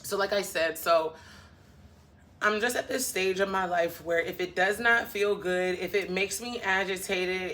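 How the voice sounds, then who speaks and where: A woman's voice: mid-range voice, pushed and bright. A woman vlogger from the northern US, venting bluntly in a casual chat to camera, with sassy asides to her viewers.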